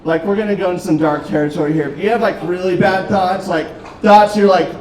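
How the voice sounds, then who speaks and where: A man doing a stand-up set, telling dark jokes in a deadpan way with frequent ums, on a restaurant comedy stage. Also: high-pitched, a little fast. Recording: roomy club, distant mic, crowd noise. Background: audience laughter.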